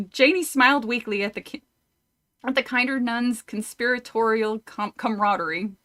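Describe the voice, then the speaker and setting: A woman's voice: fairly high pitch, moderate pace, fairly bright tone. Chatty woman reading horror aloud. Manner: laughs often, wanders into tangents, swears casually. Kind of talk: casual read-through with chat.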